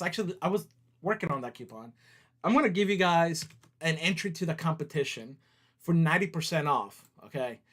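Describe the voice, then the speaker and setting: A man's voice: on the high side, fairly bright tone. Chatty man hosting a livestream. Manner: chatty, laughs easily, talks to viewers while working on screen. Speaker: company CEO hosting a livestream. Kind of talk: casual livestream chat.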